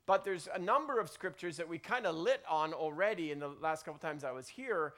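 Man, pastor, sermon, high voice, chatty with restarts, loud emphatic bursts. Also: expressive, fairly quick. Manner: conversational, many restarts, rising to loud emphatic peaks.

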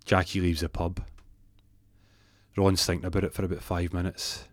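A man's voice: low-pitched, little pitch movement, normal speed, no echo, clean studio sound. A man with a Scottish accent telling a comic story in a rambling, profane, self-interrupting way.

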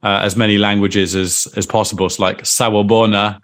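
A man's voice: on the low side, level tone, brisk, a bit bright. A man co-hosting a football podcast, joking and rambling in casual chat with friends. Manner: jokey, rambling, self-deprecating banter. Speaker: podcast co-host.

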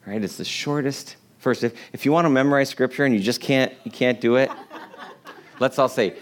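A middle-aged man delivers a sermon in a relaxed, conversational storytelling manner. His voice sits in an ordinary middle pitch. He acts out the quoted lines with lively voices and laughs softly now and then. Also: normal speed. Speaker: pastor.

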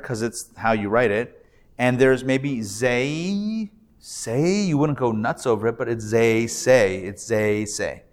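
Slow, patient man teaching a class. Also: mid-range voice. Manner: patient, drills syllables slowly and checks in with the class. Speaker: rabbi teaching a Hebrew reading class. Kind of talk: live classroom lesson. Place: classroom before a live audience.

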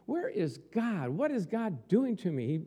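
A man's high voice swoops wildly in pitch, unhurried, mellow and slightly rough. He's a pastor preaching a chatty, conversational sermon, telling a story while asking the congregation rhetorical questions.

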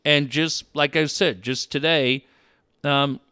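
A man's voice: on the high side, takes it slowly, clean tone, no room sound, studio quality. A man telling stories in a casual chat, swearing often and acting out the people he quotes. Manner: profane, animated, acts out quoted people.

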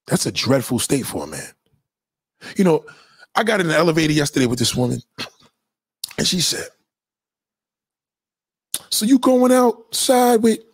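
Man, livestream host, husky, dry close sound, emphatic, profane, preachy. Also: medium pitch, a little mellow, no echo. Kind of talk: casual livestream monologue.

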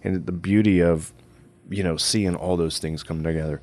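A man with a very deep, low voice and a Cajun accent hosts a relaxed radio and podcast conversation. He rambles easily, filling his thoughts with "you know" and "right?". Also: normal speed, creaky. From Louisiana. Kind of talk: casual chat.

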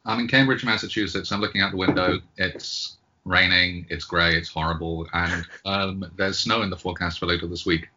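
A man's voice: sits low, steady tone, fairly quick, pushed and bright, highs cut off, slight background noise. A middle-aged British man with a slightly American-tinged accent, talking as a guest in a casual interview and hesitating often with ums and restarts. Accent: British with some American. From Britain. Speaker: guest epidemiologist.

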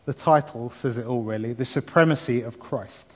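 A man's voice: medium pitch, normal speed, few pauses. A man preaching a sermon, reading scripture and talking about it with exuberant emphasis. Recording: long hall reverb.

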